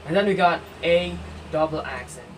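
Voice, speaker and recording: A man's voice: on the high side, moderate pace. A man explaining a math problem step by step, with fillers and self-corrections. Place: indoor room. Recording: distant mic with air-conditioner hum.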